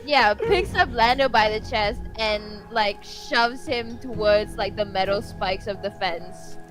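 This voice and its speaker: A woman's voice: medium pitch, a little slow, over music, rough recording. A woman helping run a horror tabletop game, speaking hesitantly with many fillers. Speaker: co-game master. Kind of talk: casual tabletop role-play.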